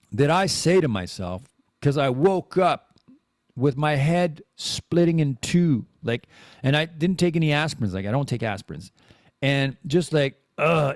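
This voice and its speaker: Animated rambling male podcast host. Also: on the high side, dry recording, studio quality. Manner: rambling and animated, with many restarts and repeated words. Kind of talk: casual live-streamed monologue.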